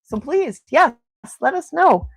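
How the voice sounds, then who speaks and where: A woman's voice: high-pitched, animated, slow pace, gravelly, dry recording. A chatty, exclaiming woman hosting a casual morning livestream from home at a desk microphone, reading out and answering viewer comments. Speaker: livestream host. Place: home in snowy Milwaukee.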